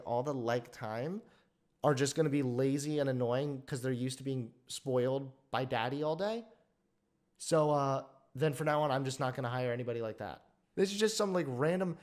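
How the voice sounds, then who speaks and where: A man's voice: medium pitch, a little mellow. Sarcastic, exasperated young man reacting. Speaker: commentary video host. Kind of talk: reaction commentary.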